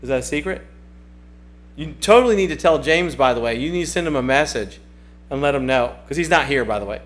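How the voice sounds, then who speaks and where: A man's voice: fairly high pitch, brisk. Chatty man hosting a livestream. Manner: chatty, rambling, repeats himself. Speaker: livestream host. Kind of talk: casual chat reading viewer comments.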